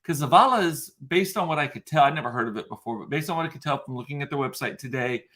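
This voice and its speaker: A South Texas vlogger chats casually in a live stream, his fairly high, expressive voice moving at a quick pace with a sharp tone. He rambles, full of fillers and restarts, and pauses to answer viewers' comments.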